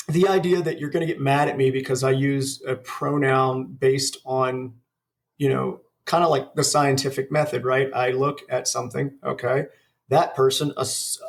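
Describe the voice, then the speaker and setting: A man's voice: medium pitch, gravelly. A man in his forties, a podcast co-host, talking in a profane, ranting casual chat. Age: 40s.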